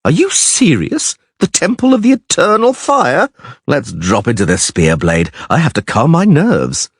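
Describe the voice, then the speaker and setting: A man voicing a vain, flamboyant young troubadour who talks excitably and theatrically, pitched well above his own voice. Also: measured pace, breathy edge, no room sound, clean studio sound, exaggerated voice. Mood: exasperated.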